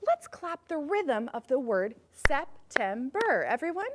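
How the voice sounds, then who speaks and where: A woman music teacher leading a children's music lesson, upbeat as she guides the class through movement warm-ups. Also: high-pitched, very animated, normal speed.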